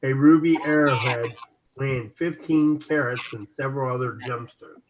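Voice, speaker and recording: A man's voice: medium pitch, moderate pace. A man co-hosting an internet radio show, reading articles aloud and sometimes stumbling over words. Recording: dull lo-fi audio with steady noise.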